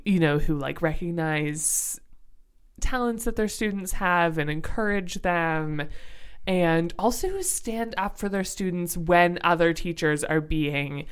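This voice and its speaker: A woman's voice: low-pitched, clean tone. A young adult woman co-hosting a book podcast, talking casually and thoughtfully, searching for words with many fillers.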